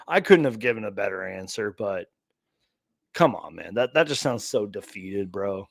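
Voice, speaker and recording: A man's voice: lowish voice, expressive, moderate pace, gravelly, a bit bright, no echo. A man hosting a sports channel, ranting live and reacting to clips with exasperated sighs. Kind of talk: late-night live rant reacting to clips.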